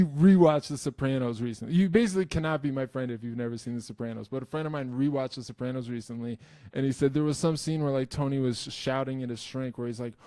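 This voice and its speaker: A man's voice: medium pitch, no echo, clean studio sound. A young man from New Jersey hosting a musician's Q&A, talking casually with lots of swearing, restarts and self-mocking asides. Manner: profane, animated, self-mocking, many restarts. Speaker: musician YouTube host. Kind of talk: casual Q&A chat.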